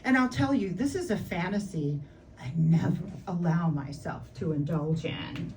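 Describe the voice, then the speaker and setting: A woman performing a stand-up comedy set on a club stage, brash and animated, often laughing at her own jokes. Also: on the low side, unhurried. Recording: distant mic with noisy room.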